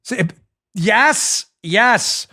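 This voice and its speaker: Loud, sarcastic male talk host. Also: high voice, lively intonation, extremely slow. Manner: sarcastic, mocking, swings into loud theatrical ranting. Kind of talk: opinionated political talk show.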